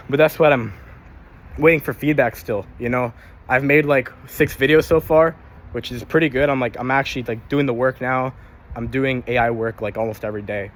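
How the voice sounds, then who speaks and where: A man's voice: mid-range voice, steady tone, moderate pace. A young man vlogging casually about his day, rambling and swearing, tired and a little out of breath while walking. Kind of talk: casual daily vlog.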